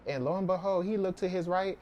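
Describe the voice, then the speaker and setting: A man casually recapping a novel's plot in a chatty, animated way. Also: high-pitched, brisk, dull audio, slight background noise. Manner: chatty, animated retelling with quoted voices. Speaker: book reviewer. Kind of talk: casual book summary.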